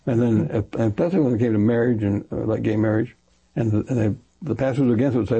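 Talking quickly and at length, an older retired pastor shares stories in an interview with a lowish, gravelly, husky and dark voice. He wanders off track, corrects himself, and acts out the people he quotes.

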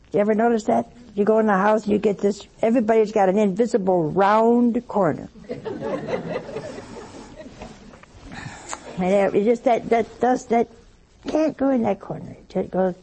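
An older woman delivers a chatty, homespun sermon, slipping into different voices as she tells her stories. Her voice is gravelly and a little husky. Her tone stays dark and mellow, though she sits fairly high for a woman. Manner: folksy, chatty, acts out dialogue in different voices. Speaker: religious speaker. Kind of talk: storytelling sermon.

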